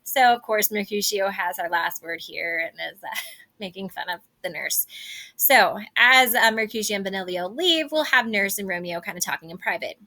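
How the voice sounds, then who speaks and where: A young woman with a bright, forceful voice, talking through a play scene by scene for a class. She explains in a relaxed, chatty way, full of little fillers. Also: medium pitch, normal speed. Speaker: teacher. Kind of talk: reading aloud and explaining a play.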